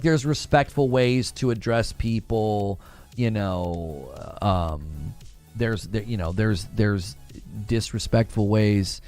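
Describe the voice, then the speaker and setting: A man's voice: fairly low pitch, darkish tone. A man chatting casually on a gaming live stream, rambling and correcting himself as he talks. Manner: rambling, self-correcting, laughs often.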